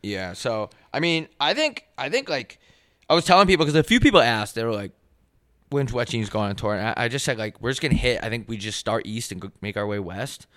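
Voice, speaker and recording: A young man co-hosts a relaxed podcast chat, his voice bright and crisp. He rambles through fillers and swearing with easy energy. The sound is dry and close. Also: medium pitch, brisk, no room sound. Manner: laid-back, filler-heavy, swears a lot. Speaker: podcast co-host. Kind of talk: casual chat.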